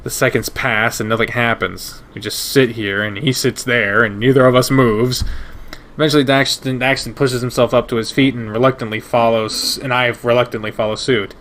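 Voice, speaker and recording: A man reading a visual novel aloud in first person, steady and measured. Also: mid-range voice, slight background noise. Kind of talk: first-person narration of a game.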